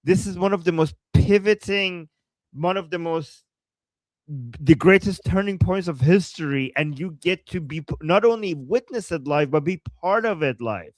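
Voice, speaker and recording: A man hosting a live show, excitedly commenting on news video and repeating himself. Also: a little high, normal speed, no room sound. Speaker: show host.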